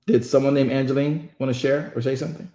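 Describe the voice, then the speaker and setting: A man's voice: mid-range voice, steady tone, fast, warm tone, echoey room. A man hosting an online Bible study, talking in an emphatic, preachy way and calling his listeners y'all.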